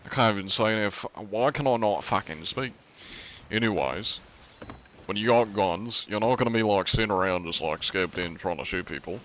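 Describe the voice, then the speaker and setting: A man's voice: on the low side, moderate pace, fairly bright tone, a little hiss or hum. A young man streaming a game live, rambling casually, swearing often and laughing at his own tongue slips.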